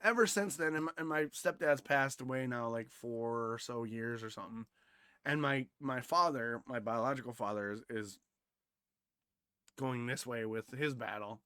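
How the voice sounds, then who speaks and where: A man co-hosting a podcast, talking bluntly and with lots of swearing, going from loud rants to quiet reflection. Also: medium pitch, moderate pace, clean tone, dry recording, studio quality. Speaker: podcast co-host. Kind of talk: casual chat.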